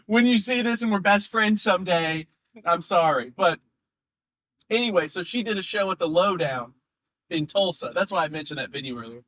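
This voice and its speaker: High-voiced man telling a rambling story. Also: normal speed, dry recording. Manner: rambling, laughs often, animated. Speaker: comedian guest. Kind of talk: casual chat, storytelling.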